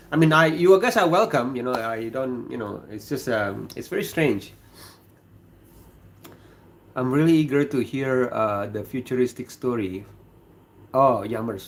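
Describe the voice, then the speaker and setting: A man with an Indonesian accent hosting a casual livestream, chatting with viewers in a halting way with many fillers and repeated words. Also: mid-range voice. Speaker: livestream host. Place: kitchen.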